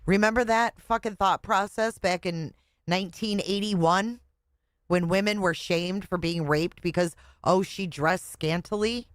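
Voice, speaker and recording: A woman's voice: medium pitch, steady tone, unhurried, no room sound, clean studio sound. A woman reacting to a clip with blunt, sarcastic commentary and frequent swearing. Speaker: reaction video host. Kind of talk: snarky commentary.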